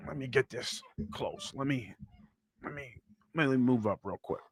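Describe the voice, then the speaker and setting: A man hosting a sports podcast, talking football in a blunt, animated way that swears freely. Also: medium pitch, moderate pace. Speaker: podcast host. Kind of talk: casual sports talk.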